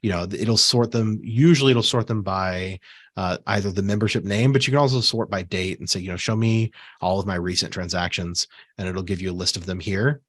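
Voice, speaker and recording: Man, low voice, dry close sound, casual software training walkthrough, hiccups. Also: a little fast, no echo. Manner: relaxed, conversational, with fillers and asides. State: has the hiccups. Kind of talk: screen-share software tutorial.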